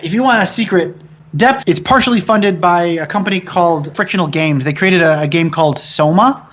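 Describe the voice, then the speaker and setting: A man, a film director, telling stories in a casual interview, excitable and cursing freely as he jokes. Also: high voice, a little fast, highs cut off. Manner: excitable, swears freely, jokey storytelling.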